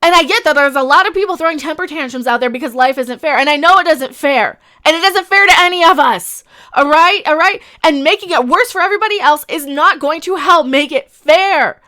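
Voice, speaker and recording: Bright high-voiced woman ranting angrily. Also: brisk. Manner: angry, indignant, repeats herself; swears while ranting. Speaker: streamer host. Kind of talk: live-stream commentary rant.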